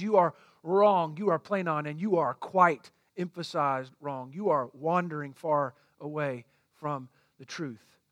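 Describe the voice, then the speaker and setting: A man preaches from the pulpit, pressing each point home by saying it again. His voice sits high for a man, and the sound is close and completely dry. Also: fairly bright tone, dry recording. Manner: emphatic, repeats points for stress. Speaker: pastor. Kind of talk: sermon.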